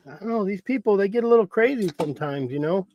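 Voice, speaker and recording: A middle-aged hunting guide tells a story in a loose, folksy ramble and chuckles at his own tale. His voice sits a little high. The sound is dry and close, with no room around it. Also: animated, quick pace, no echo, highs cut off. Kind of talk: casual storytelling.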